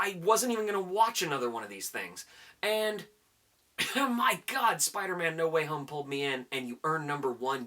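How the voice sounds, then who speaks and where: A man doing a casual countdown of his favorite movies as a vlogger, excitable and hyping things up, swearing casually as he talks. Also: on the high side.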